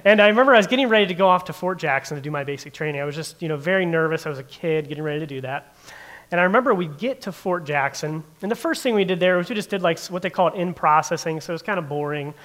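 A man's voice: fairly high pitch, very fast, a bit bright. A man telling a personal story to a group, casual and full of fillers, often asking the audience questions. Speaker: speaker addressing a group.

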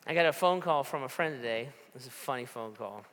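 A man's voice: medium pitch, expressive, brisk, fairly bright tone, big-room sound. A man preaching a sermon, talking like a conversation, telling stories and asking repeated rhetorical questions. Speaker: pastor.

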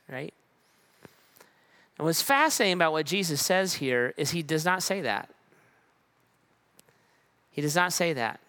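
Man, pastor in church, fairly high and bright voice, relaxed sermon, repeated phrases. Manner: conversational and relaxed, with repeated phrases and slow emphatic pauses.

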